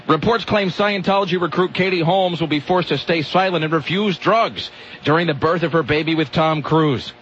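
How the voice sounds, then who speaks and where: A man's voice: on the high side, moderate pace, a bit bright. A man hosting a radio show, reading news stories aloud with sarcastic, mocking asides. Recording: muffled radio sound with faint noise.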